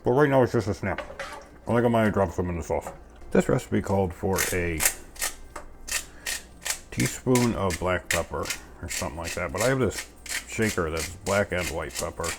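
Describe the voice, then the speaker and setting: A man's voice: deep voice, normal speed, long pauses, noisy background. A man hosting a casual cooking video, chatting in a goofy, self-mocking way as he makes a sauce in his home kitchen. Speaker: cooking channel host.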